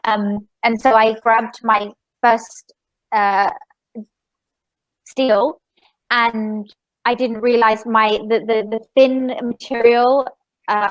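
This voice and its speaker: A woman magician and podcast guest, telling a story in a rambling, animated way with many fillers and restarts. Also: on the high side, dry recording, rough recording. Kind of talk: casual storytelling interview.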